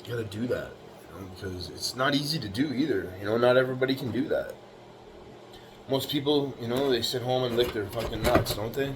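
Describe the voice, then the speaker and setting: A man's voice: mid-range voice, brisk, background noise. A middle-aged man who lays bricks, giving a rambling, tough-talking motivational monologue full of swearing and "you know, right?". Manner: profane, blunt, tough-talking. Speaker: bricklayer vlogger.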